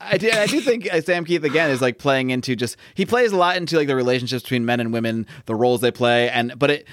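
A man's voice: medium pitch, animated, quick pace, fairly bright tone, dry recording. A man hosting a casual chat about a comic, rambling with lots of fillers and restarts. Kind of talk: casual comic book discussion.

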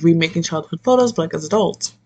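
Brief: young woman, low gravelly voice, loose and profane manga chat. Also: quick pace, a little mellow. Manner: rambling, profane, laughing often. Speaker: manga reviewer. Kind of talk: casual chat.

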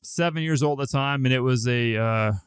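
A man's voice: mid-range voice, a little fast, clean tone, dry recording. A young man co-hosting a podcast, telling a long, rambling, profane story in a casual, laid-back way. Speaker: podcast co-host.

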